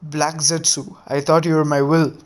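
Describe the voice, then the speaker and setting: Proud bitter old warlord guy, low and quiet, kinda flat, read by a man telling a fan story. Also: moderate pace, close to an everyday voice. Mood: grave. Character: proud ancient male warlord, stern and bitter.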